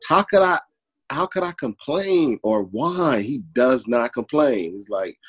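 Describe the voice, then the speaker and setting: A man's voice: mid-range voice, animated, measured pace, breathy edge, poor audio. A man who works as a barber, talking earnestly in an interview over a video call and repeating his points for emphasis. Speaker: barber guest. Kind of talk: casual conversational interview.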